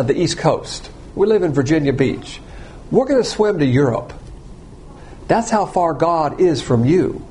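A man preaching a sermon, blunt and provocative, swinging between loud emphasis and quiet asides. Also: on the high side, a little hiss or hum.

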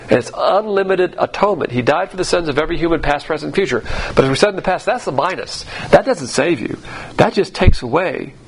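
A man's voice: fairly high pitch, animated, brisk, husky. A man teaching the Bible in a sermon, emphatic and sarcastic as he mocks the views he quotes.

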